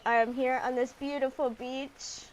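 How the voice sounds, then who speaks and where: A woman's voice: high-pitched, little pitch movement, moderate pace, heavy background noise. A woman streaming a dating sim, chatting playfully and reading the story text aloud with a lot of giggling. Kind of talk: casual gaming commentary, reading game text aloud.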